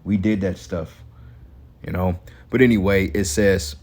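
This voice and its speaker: A man's voice: low voice, unhurried, a little mellow, breathy edge. A man preaching an angry, profane street sermon in African American Vernacular English, ranting and cursing between scripture readings. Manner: reads scripture aloud.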